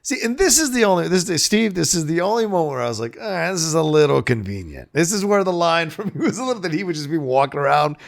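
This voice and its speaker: A man's voice: high voice, animated, creaky. A man co-hosting a movie podcast, enthusiastic and laughing in casual chat. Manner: enthusiastic, laughing, quick agreements. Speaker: podcast co-host.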